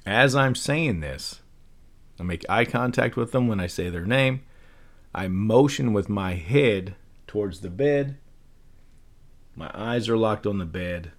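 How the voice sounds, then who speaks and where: A man's voice: lowish voice, lively intonation, a little slow, pauses often. A man hosting a casual solo podcast, speaking loosely with frequent fillers and rhetorical questions. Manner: loose and conversational, many fillers, rhetorical "right?". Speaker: podcast host. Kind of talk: casual solo talk on persuasion and parenting.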